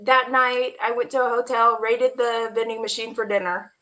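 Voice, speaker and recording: High bright woman retelling a story. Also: moderate pace. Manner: animated retelling with quoted dialogue, laughing and near tears. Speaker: guest telling her story. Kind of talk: emotional personal storytelling. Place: online stream.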